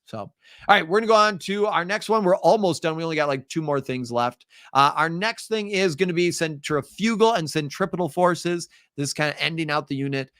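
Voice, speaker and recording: A man's voice: fairly high pitch, a little fast, a bit bright, dry recording, studio quality. A man with a Midwestern accent, a teacher giving a chatty, upbeat live-streamed exam review with frequent ums. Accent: Midwestern American.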